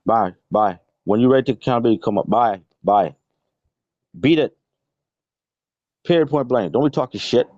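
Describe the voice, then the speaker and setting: A man's voice: mid-range voice, expressive, moderate pace, pauses often, a little mellow, no room sound. A man hosting a live stream, scolding someone in an aggressive, profane, confrontational rant. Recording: dull lo-fi stream audio.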